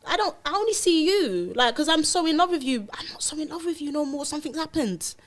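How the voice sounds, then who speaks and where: Animated woman telling her story. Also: high-pitched, fast talker. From London. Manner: animated storytelling, acts out her own past dialogue. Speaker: guest. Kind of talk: candid podcast interview.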